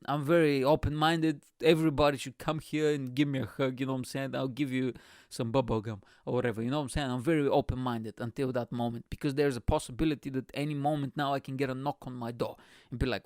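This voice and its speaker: A man's voice: medium pitch, quick pace, darkish tone, no room sound, clean studio sound. A man from Bulgaria hosting a podcast, delivering a rambling, profane comedic monologue with lots of energy. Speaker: podcast host.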